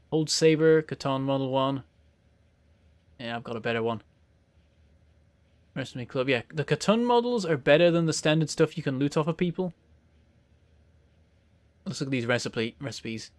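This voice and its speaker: A man's voice: mid-range voice, expressive, moderate pace, pauses often, dry recording. A man hosting a let's play, giving rambling, self-mocking gameplay commentary and chuckling often.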